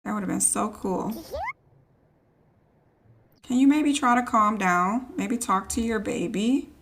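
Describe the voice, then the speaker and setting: A woman streams a life-sim game, chatting casually and teasing her characters in let's play commentary. Her medium-pitched voice is slow and a bit bright, with slight background noise.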